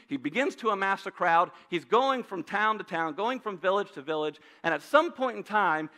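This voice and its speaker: A man's voice: high voice, bright, forceful tone. A man in his thirties preaching a sermon as a pastor, talking casually with asides and rhetorical questions. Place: church sanctuary.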